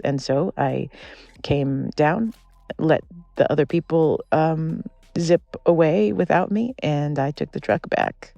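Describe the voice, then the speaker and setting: A man's voice: on the high side, measured pace, vocal fry, dark tone, no echo. A man in his forties whispering outdoors in a redwood forest, rambling and self-deprecating. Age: 40s. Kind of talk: casual whispered vlog monologue.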